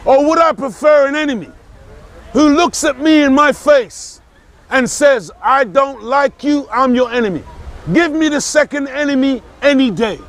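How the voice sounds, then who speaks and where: A man giving an impassioned political talk, forceful and emphatic, repeating key phrases and rising to shouts. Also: very high-pitched. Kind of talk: impassioned speech.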